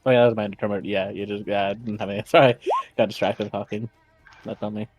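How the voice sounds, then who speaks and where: A man's voice: lowish voice, level tone, brisk, a little mellow, soft background music. A man playing in a tabletop game, rambling with frequent laughs and restarts. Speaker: player. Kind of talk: casual tabletop game chat.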